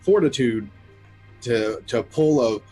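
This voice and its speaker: A man player sharing his thoughts after a game in a halting, hesitant way. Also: medium pitch, lively intonation, dark tone, slightly rough, soft background music, low-quality recording. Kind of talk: casual post-game chat.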